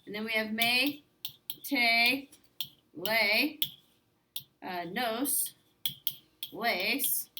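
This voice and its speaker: Woman teacher, slightly high voice, quizzing students in an echoey classroom. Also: extremely slow, pauses often. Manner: quizzing students, repeating answers back. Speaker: Spanish teacher. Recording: echoey classroom with faint noise.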